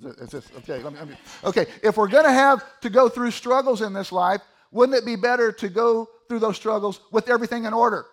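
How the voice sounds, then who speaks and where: Middle-aged pastor guy preaching, kinda high voice, gets loud then drops low for asides. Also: expressive, fairly quick, hardly any pauses. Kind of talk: sermon.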